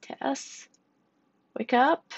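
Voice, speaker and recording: A tearful twelve-year-old girl begging for help in a thin, weak voice, as a woman narrator puts her on. The storybook reading sounds a little dull and dry. Her pleas come out higher than the narrator's low voice. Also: a little fast, gravelly, darkish tone, breathy edge, no echo. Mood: pleading, tearful.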